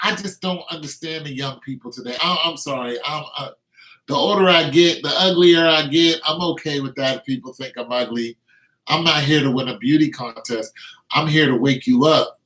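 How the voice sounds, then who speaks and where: With a fairly high, bright voice and a forceful tone, a middle-aged man vents to the camera in his vlog. He stresses his points emphatically by repeating words, and the room adds noticeable echo.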